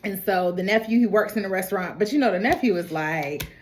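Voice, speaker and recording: Female recap host, lively and slangy, mid-range voice. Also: mid-range voice, fast, slight background noise. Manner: animated, slangy, laughing asides. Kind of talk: casual recap storytelling.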